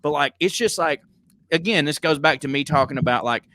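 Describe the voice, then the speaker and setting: A man with a Southern American accent co-hosts a podcast, telling stories in casual comedic chat full of profanity and animated tangents. His voice is fairly high and a little fast, with no echo.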